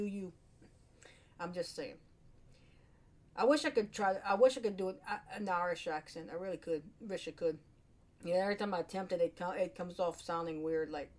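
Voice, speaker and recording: A woman vlogs to camera in a loose, wandering monologue, her voice sitting a little low for a woman. She's chatty and pokes fun at herself, often dropping a sentence halfway and starting it over. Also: darkish tone. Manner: chatty, self-deprecating, trailing off and restarting. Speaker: vlogger. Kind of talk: casual rambling monologue to camera.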